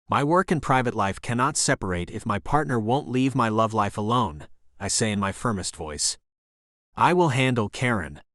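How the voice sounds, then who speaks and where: A man's voice: lowish voice, a bit bright, no echo. Man narrating a romance audiobook, dry.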